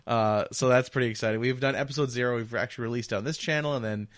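A man's voice: mid-range voice, steady tone, quick pace, no echo, studio quality. A man co-hosting a casual podcast, talking loosely with lots of fillers and restarts. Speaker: podcast co-host.

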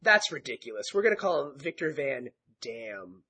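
A man hosting a casual podcast, an enthusiastic, giggly fan who talks quickly. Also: mid-range voice, sing-song, heavy background noise. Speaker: podcast host. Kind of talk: casual chat.

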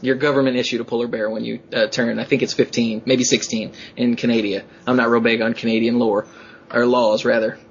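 A man hosting a podcast, chatting casually and telling excited stories in which he acts out quotes in a rising voice. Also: mid-range voice, a little fast, dull audio, slight background noise. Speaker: podcast host.

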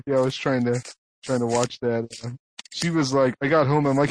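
A man telling a story in casual podcast chat, animated and saying "like" constantly. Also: medium pitch, a little fast.

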